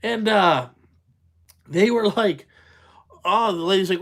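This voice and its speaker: A man's voice: high voice, a little slow, pauses often, a bit bright. Male trucker vlogger, casual rant: blunt, foul-mouthed, exasperated, rambling with lots of fillers. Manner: profane, blunt, exasperated ranting with many fillers; talks in loose run-on asides, asks "you know what I'm saying?". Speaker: truck driver, channel host. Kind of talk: casual ranting vlog.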